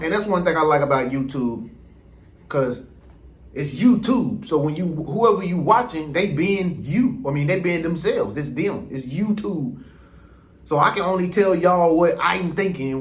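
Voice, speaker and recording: Rambling, high-voiced man in an echoey room. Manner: rambling, conversational, lots of restarts and quoted asides. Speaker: vlogger. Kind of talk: casual monologue to camera.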